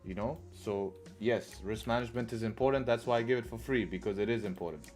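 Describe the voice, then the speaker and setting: A man's voice: fairly low pitch, fast talker, a little mellow, soft background music. Casual man hosting a trading stream. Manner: conversational, keeps adding "right?", profane asides. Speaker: trading livestream host. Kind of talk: casual live-stream commentary.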